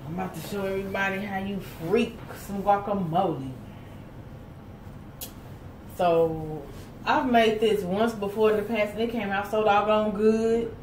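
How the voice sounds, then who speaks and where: A woman's voice: medium pitch, fairly even intonation, unhurried, darkish tone, a little hiss or hum. Chatty woman cooking, far from mic. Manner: chatty, folksy, talks to viewers as y'all. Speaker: home cook host. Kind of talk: casual cooking chat. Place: home kitchen. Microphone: camera set off to the side. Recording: roomy kitchen audio from a distance.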